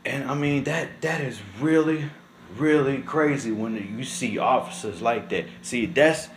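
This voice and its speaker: A young man, talking to camera in casual, emotional commentary. He is upset and indignant and says "man" again and again. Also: a little hiss or hum. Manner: drawn-out and low when shaken, rises sharply when angry. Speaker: vlogger.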